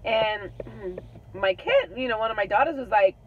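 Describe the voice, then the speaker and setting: A woman's voice: fairly high pitch, lively intonation, moderate pace. A middle-aged woman telling a personal story in a casual vlog, candid and chatty, with many ums and restarts. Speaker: vlogger. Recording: tinny phone-like audio with clear road noise.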